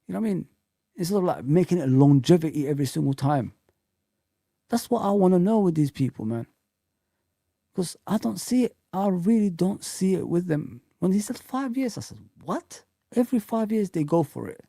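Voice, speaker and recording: A man hosting a fan live chat, ranting heatedly and swearing, rising to shouts when angry. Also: sits high, sing-song, a little fast, creaky, no room sound. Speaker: fan channel host.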